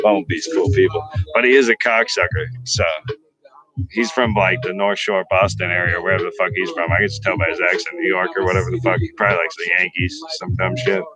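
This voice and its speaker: A low-voiced man chatting to his livestream and sliding into freestyle raps. He rambles and swears constantly, talking big about his own skills. Faint beats play underneath. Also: steady tone, fairly quick, over music, low-quality recording. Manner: rambling, heavily profane, boastful. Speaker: livestream host and freestyle rapper. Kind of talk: casual livestream chat and freestyle rap. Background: faint hip-hop beats.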